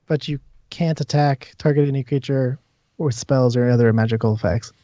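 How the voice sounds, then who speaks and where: A man running a tabletop game as game master, narrating scenes and pausing when ruling on questions. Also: medium pitch, mellow, no room sound. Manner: descriptive, hesitant when ruling. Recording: dull dry audio.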